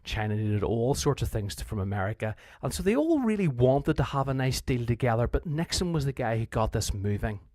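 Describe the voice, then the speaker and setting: A man's voice: medium pitch, sing-song, a little fast, hardly any pauses, a little mellow, no room sound. A man with a Northern Irish accent, a history teacher giving a conversational revision lecture who often restarts his sentences and acts out quotes.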